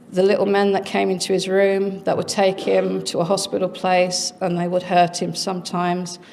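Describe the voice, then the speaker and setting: A middle-aged woman speaking at a conference, earnestly recounting a family experience with dramatic pauses. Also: mid-range voice, creaky, darkish tone, slight background noise. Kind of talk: personal storytelling talk.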